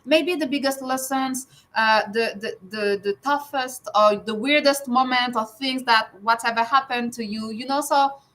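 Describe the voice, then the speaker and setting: A woman's voice: on the high side, normal speed, hardly any pauses, fairly bright tone, poor audio. A woman hosting a casual livestream panel, upbeat as she greets guests and reads viewer comments aloud. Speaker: livestream host. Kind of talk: casual hosted panel chat.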